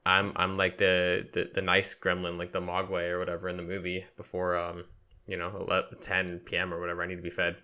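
Male podcast co-host, deep and bright, easygoing chat. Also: monotone, a little fast, clean tone.

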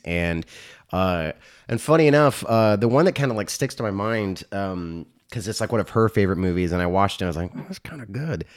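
A man chatting as a guest on a podcast, his pitch swinging widely as he gets into it. He swears casually and leans on ums and likes. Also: clean tone. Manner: animated, laughing, swears, many fillers.

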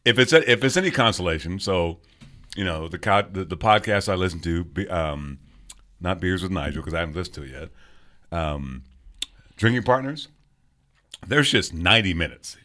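A man in his forties co-hosting a podcast, chatting casually over beers, joking, laughing loudly and swearing a lot. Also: low-pitched, expressive, normal speed, pauses often. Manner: loud laughing, profane, jokey. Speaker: podcast co-host.

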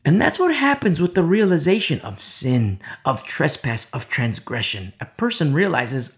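A male preacher gives a dramatic sermon with a gravelly, creaky voice. His pitch leaps around widely as he swings from loud declarations to hushed whispers. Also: sing-song, moderate pace, hardly any pauses.

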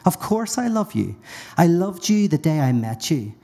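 A man's voice: a little high, very animated, moderate pace, warm tone, pitched above the performer's own voice. A man voicing a beautiful female squirrel who reassures her sweetheart steadily. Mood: tender.

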